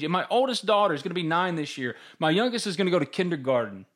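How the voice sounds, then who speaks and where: A man's voice: high-pitched, fast, few pauses. A man, co-hosting a casual sports podcast, talking candidly and acting out his own inner voice. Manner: candid, animated storytelling with quoted inner voices. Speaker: podcast co-host.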